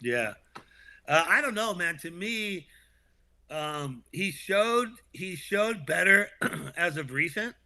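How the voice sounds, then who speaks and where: A man with a very bright, forceful voice, pitched a little high for a man. He co-hosts a casual sports talk show, speaking in an animated way, laughing often and restarting sentences. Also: slow pace. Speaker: podcast co-host.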